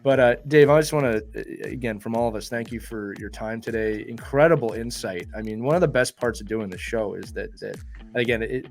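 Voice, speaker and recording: A man hosting a podcast interview who is effusive and quick to praise his guest. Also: on the low side, soft background music. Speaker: podcast host.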